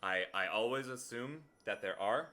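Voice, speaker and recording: A man's voice: on the low side, normal speed, pushed and bright, faint music behind. A man streaming a video game live, talking earnestly and directly to his viewers in casual chat. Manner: earnest, talks straight to viewers.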